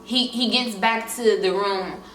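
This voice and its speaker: A young woman vlogging, telling a casual storytime in an animated way with asides straight to her viewers, in an echoey room away from the mic. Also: mid-range voice, a little slow. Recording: echoey room, mic at a distance, faint room noise.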